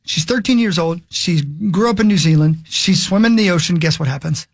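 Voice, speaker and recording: A man's voice: sits high, brisk, vocal fry, dry recording. A man on a radio studio mic, telling a long rambling story in casual chat with his co-hosts. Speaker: radio show host.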